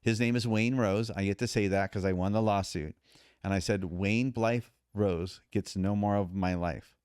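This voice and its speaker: Low, smooth-voiced man telling his story. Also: normal speed, no room sound, studio quality. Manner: emphatic, animated retelling with quoted dialogue. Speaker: podcast guest. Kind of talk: storytelling in conversation.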